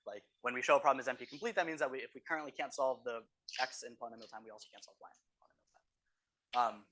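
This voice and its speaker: Male TA for a review session: quick delivery, bright voice, keeps asking the room "right?". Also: medium pitch. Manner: explanatory, tags statements with "right?". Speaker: course teaching assistant. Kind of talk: exam review lecture. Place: university classroom.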